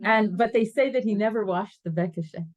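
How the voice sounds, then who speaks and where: A woman teacher giving a lively class, telling stories animatedly, laughing often and weaving in Hebrew terms. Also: medium pitch, moderate pace, highs cut off. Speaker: Torah teacher. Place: classroom with students.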